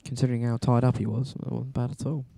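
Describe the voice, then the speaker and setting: A man's voice: mid-range voice, little pitch movement, fast talker, gravelly, mellow, no echo. A man doing casual co-commentary on a pool match with dry, teasing humour.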